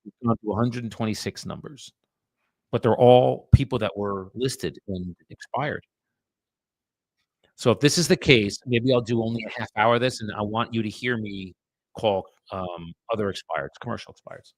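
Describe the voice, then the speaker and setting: Blunt, gravelly man, close and dry. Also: on the low side, normal speed, no echo. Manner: blunt, profane, chatty, addresses viewers as guys. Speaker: real estate agent streaming live calls. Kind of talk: casual live-stream chat.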